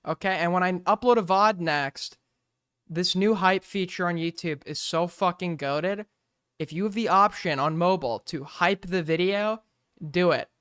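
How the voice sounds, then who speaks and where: A man's voice: high-pitched, moderate pace, fairly bright tone, clear, resonant tone, dry recording, studio quality. A man streaming and reacting to a clip, speaking casually with joking, sarcastic rambling and frequent swearing.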